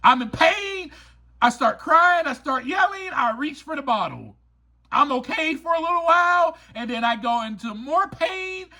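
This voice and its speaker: A man's voice: extremely high pitch, sing-song, normal speed, bright, forceful tone. A man hosting a motivational podcast, talking emphatically and repeating his key points. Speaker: podcast host and author. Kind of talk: motivational recovery podcast talk.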